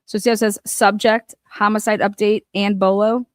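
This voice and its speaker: A woman talking through documents on her own channel in a loose, unscripted way. She curses freely and lurches from quiet muttering to loud, excited outbursts. Her voice sits at an ordinary middle pitch and sounds close and dry, with no room around it. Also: normal speed, no echo. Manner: excitable and profane, swinging from muttering to loud exclamations. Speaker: online true-crime commentator. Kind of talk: casual commentary while reading documents.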